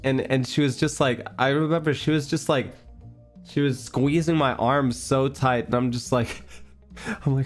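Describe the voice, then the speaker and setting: A young man chatting on his livestream with a stuffy, congested voice at a middle pitch. He rambles through his story with plenty of fillers and breaks into laughter often. Faint music plays softly behind him. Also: fairly even intonation, a little slow. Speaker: livestream host. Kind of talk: casual chat storytelling.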